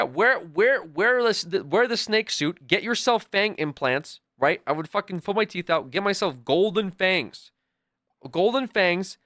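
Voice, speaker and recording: A man's voice: on the high side, no room sound. Young guy streamer rambling all hyped, swearing a lot, dry close mic. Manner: rambling, excitable, profane. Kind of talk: casual chat.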